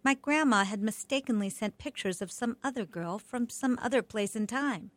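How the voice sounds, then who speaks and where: A woman's voice: on the high side, normal speed, dry recording. Wry woman reading a memoir, dry sound. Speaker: memoir narrator.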